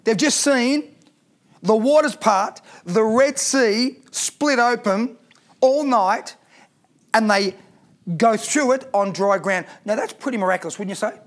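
A man's voice: high-pitched, a little slow. A man preaching a sermon as pastor, reading scripture aloud and asking the congregation rhetorical questions.

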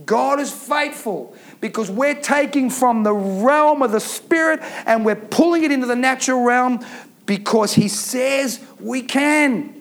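A man preaches to his congregation with fervent, emphatic repetition. His voice sits remarkably high for a man. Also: unhurried. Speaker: pastor. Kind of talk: sermon.

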